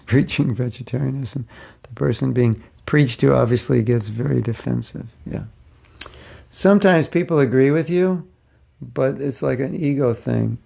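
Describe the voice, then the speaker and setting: Gravelly-voiced man teaching a playful class. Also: mid-range voice, mellow. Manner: playful, joking, trails off and restarts. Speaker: spiritual teacher. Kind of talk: informal class, answering questions.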